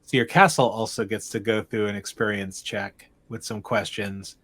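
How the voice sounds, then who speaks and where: A man running a tabletop game as game master, narrating scenes in a meandering, halting way with frequent restarts. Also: fairly low pitch, steady tone, fairly bright tone.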